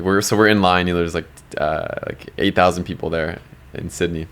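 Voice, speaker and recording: A young man with a very low voice, a podcast guest spinning a long casual story. He swears freely, fills in with "like" and "you know", and acts out what others said. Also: fairly even intonation, fairly quick, fairly bright tone, smooth. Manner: blunt, swears freely, lots of fillers. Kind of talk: casual storytelling with acted-out quotes.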